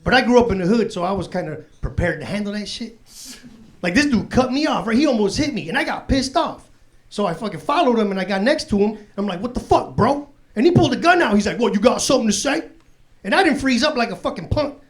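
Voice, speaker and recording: A man's voice: sits high, expressive, fast. A man in his forties doing a stand-up comedy set on a club stage, with loose, profane street talk and laughter through his punchlines. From Chicago south side. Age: 40s. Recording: live club set with crowd noise. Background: audience laughter.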